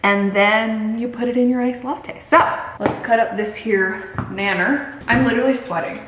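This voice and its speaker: A woman in her thirties with a fairly high voice talks chattily and dramatically, breaking into giggles as she cooks. The sound is roomy and echoey, like a home kitchen. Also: normal speed, noisy background. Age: 30s. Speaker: vlogger. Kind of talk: casual chat.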